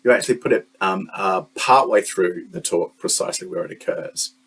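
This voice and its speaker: A man's voice: low-pitched, moderate pace, fairly bright tone, slightly rough. A man teaching a lesson, explaining step by step with frequent "um" and "uh" fillers. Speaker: lecturer. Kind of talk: teaching lecture.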